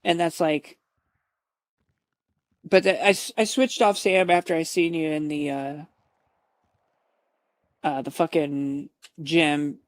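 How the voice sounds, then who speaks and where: Woman, streamer, casual chat, slow drawl, dry close sound, laughs and curses. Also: low voice, dry recording. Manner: laughs often, swears casually, animated storytelling. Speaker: roleplay streamer.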